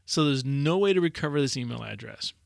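A man in his forties, a podcast co-host telling a story in casual chat, animated and laughing often. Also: mid-range voice, a little fast, gravelly, no room sound, studio quality.

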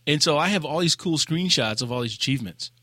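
A man co-hosting a casual gaming podcast, telling a raid story with lively acted-out quotes and laughter. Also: fairly high pitch, fast, no echo, clean studio sound. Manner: animated storyteller, acts out quotes. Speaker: podcast co-host.

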